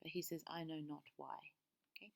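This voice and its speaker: A woman's voice: deep voice, flat delivery, fairly quick, creaky. A woman teacher giving a recorded lesson, explaining patiently step by step and checking in with a frequent "okay".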